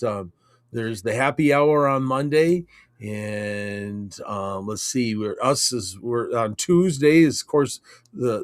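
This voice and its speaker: A man co-hosting a relaxed chat show, wandering through his thoughts with plenty of ums and restarts. His voice sits at an ordinary middle pitch, and the sound is dry and close. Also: no echo. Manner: rambling, halting with many fillers. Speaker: co-host. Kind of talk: casual chat.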